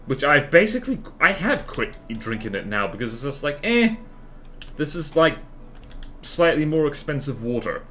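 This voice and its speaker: Male streamer, rambling chatty commentary, answers chat, animated intonation. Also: on the high side, moderate pace, faint music behind. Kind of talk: casual live-stream commentary while playing.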